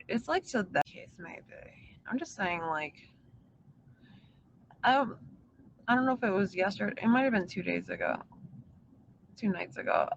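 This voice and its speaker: A livestreamer rambles casually to their chat, meandering, swearing often, and leaning on lots of fillers. The voice is medium-pitched, gravelly, and fairly bright, with dull audio and slight background noise.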